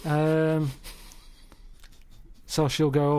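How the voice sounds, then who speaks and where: Brief: deadpan man, podcast regular, slightly high voice, flat, matter-of-fact storyteller. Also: a little fast, background noise. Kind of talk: casual podcast chat.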